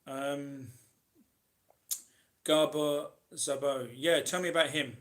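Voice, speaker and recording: A man's voice: a little high, fairly even intonation, slow, a bit bright. A man hosting a casual live question-and-answer stream, reading out viewers' comments and answering them in a rambling, chatty way full of ums and restarts.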